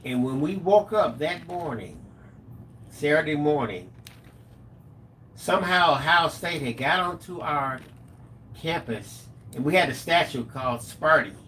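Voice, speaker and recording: A middle-aged man co-hosting a live stream, telling stories in a lively, animated way. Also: a little high, a little slow, long pauses, slight background noise. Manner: animated storyteller, acts out quotes. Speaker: co-host of a live craft stream. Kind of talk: casual storytelling chat.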